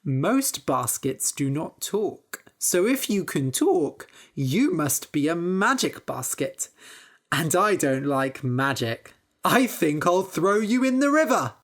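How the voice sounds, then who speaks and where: A woman's voice: on the low side, big pitch swings, takes it slowly, exaggerated voice. A woman voicing a clever young man who tricks everyone, sly and matter-of-fact.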